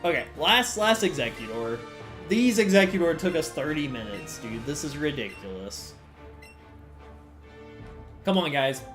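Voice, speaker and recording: A man's voice: a little high, moderate pace, soft background music. A man chatting casually to his viewers on a live stream, alone in a small room, swearing loosely and jumping between topics. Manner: animated, swears casually, talks to chat.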